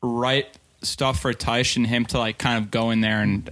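A man's voice: medium pitch, fairly even intonation, normal speed, fairly bright tone. A young man hosting a casual podcast chat, telling stories and laughing often. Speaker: podcast host.

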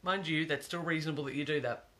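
A man's voice: fairly high pitch, fast, pushed and bright. A man giving an earnest, reflective monologue, repeating phrases for emphasis.

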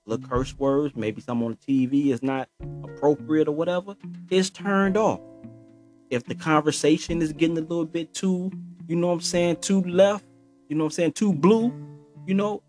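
A man's voice: a little high, darkish tone. A man in his forties hosting a podcast, talking loosely in a casual monologue with lots of slang and filler phrases. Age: 40s. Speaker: podcast host.

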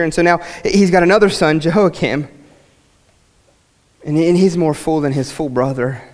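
Guy preaching a sermon, pretty high voice, gets loud then real quiet, long church echo. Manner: impassioned, swings between loud and hushed, repeats "I mean". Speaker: pastor. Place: church sanctuary. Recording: long reverb of a church hall.

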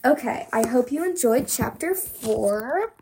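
A woman reading a novel aloud for a podcast, expressive first-person reading with small slips. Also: a little high, takes it slowly, slight background noise. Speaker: podcast reader.

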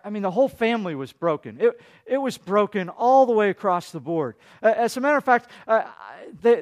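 A pastor with a fairly high voice preaches a sermon to his congregation, telling the story loosely and conversationally. He fires off rhetorical questions and shifts between loud, excited preaching and soft, quiet asides.

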